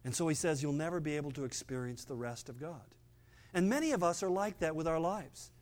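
An older man giving a sermon as pastor, conversational, with playful asides and passages where he drops low and quiet for emphasis. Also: a little fast.

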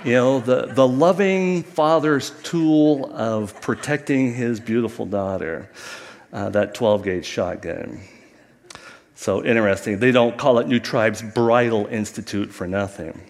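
A middle-aged man preaching, his voice carrying a long reverb through a church hall. He talks in a conversational, storytelling way, turning to the congregation with asides. His pitch sits in the middle for a man. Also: measured pace, a little mellow. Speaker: pastor. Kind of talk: sermon.

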